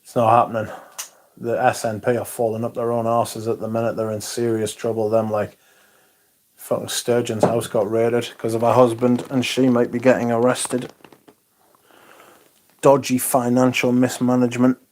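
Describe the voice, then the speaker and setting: A man's voice: medium pitch, monotone, moderate pace, a little mellow. A man hosting a livestream, chatting casually, swearing now and then, and reading out viewer comments. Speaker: livestream host.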